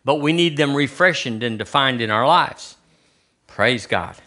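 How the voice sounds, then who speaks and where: A man's voice: medium pitch, lively intonation, a little slow, bright, forceful tone. A man preaching a conversational sermon in a church, asking the congregation rhetorical questions. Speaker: pastor. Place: church sanctuary.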